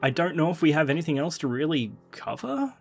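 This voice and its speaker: A man hosting a casual chat, talking excitedly with many fillers and restarts. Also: fairly high pitch, brisk, faint music behind. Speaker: podcast host.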